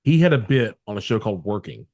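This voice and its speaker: A man hosting a podcast in casual chat, enthusiastic and quick to swear. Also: lowish voice, big pitch swings, mellow. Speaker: podcast host.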